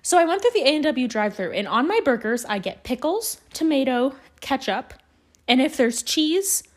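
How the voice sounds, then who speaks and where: A woman's voice: high-pitched, very animated, normal speed. A young woman from Canada telling rambling stories on her solo podcast, swearing often and poking fun at herself. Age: young adult. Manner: rambling, swears a lot, self-deprecating. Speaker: podcast host. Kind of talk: casual solo podcast storytelling.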